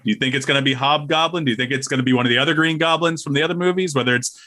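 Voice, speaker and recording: A man's voice: fairly high pitch, rapid-fire, sharp tone. A man co-hosting a podcast, chatting casually, teasing his co-host and asking questions. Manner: laughing, asks questions, teases co-host. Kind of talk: casual chat.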